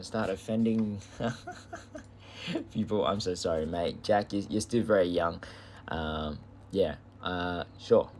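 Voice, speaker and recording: Young Aussie streamer, male, lowish voice, relaxed chatty delivery, slight background noise. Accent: Australian. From Australia. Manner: casual, chatty, loose with swearing. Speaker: game streamer. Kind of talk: casual live-stream chat.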